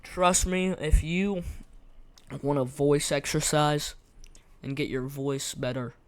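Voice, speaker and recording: Hoarse young man rambling over gameplay. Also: on the high side, fairly even intonation, slow, no room sound. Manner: rambling, slangy, repeats himself. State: hoarse, losing his voice. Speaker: gaming content creator. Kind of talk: casual gameplay commentary.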